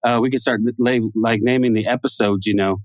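Man co-host, goofy rambler, dry close sound, mid-pitched. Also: fairly even intonation, fairly quick, no room sound. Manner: goofy, rambling, laughs often. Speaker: podcast co-host. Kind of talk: casual chat.

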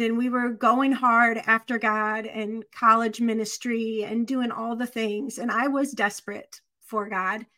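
A woman co-hosting a podcast, telling a personal story in candid, animated conversation, from Michigan. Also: a little high. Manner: earnest, animated storytelling with quick asides. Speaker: podcast co-host.

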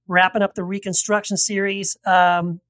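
A man's voice: high-pitched, level tone, moderate pace, a bit bright. A man co-hosting a podcast with a playful, hammy cowboy-style greeting. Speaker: podcast co-host. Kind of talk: casual podcast chat.

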